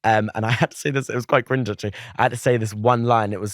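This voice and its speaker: A man's voice: medium pitch, no room sound, studio quality. A young man and drama school actor telling an anecdote in a chatty way, acting out what other people said. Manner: chatty, quick storyteller who acts out other people's lines. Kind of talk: casual interview anecdote.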